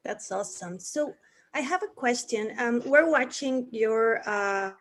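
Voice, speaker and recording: A woman's voice: fairly high pitch, measured pace. A woman hosting an interview, enthusiastic and admiring, often stumbling over her words with fillers. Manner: enthusiastic, hesitant with many fillers. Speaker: interview host. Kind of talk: casual interview.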